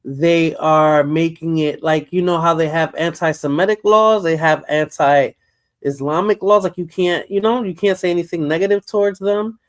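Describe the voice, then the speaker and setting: A woman's voice: low voice, steady tone, normal speed. A woman with a New York accent hosting a casual live stream chat, rambling and repeating words as she talks. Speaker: livestream host.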